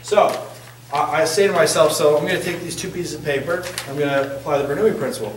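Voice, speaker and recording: Chatty singing coach in an echoey room. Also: male voice, fairly high pitch, quick pace, a little hiss or hum. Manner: chatty, joking, asks the group questions. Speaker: singing instructor. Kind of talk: casual workshop teaching. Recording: echoey room, distant mic.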